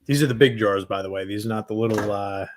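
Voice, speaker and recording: A man's voice: on the low side, fast, a little hiss or hum. A man co-hosting a casual live stream, chiming in with teasing, dry side remarks.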